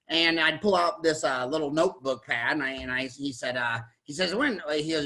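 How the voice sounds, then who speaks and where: A man in his sixties who hosts a podcast, telling stories in a casual chat, animated, stumbling into restarts and acting out the people he quotes. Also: on the high side. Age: 60s. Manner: animated storyteller, quick restarts, acts out quotes. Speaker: podcast host, dentist.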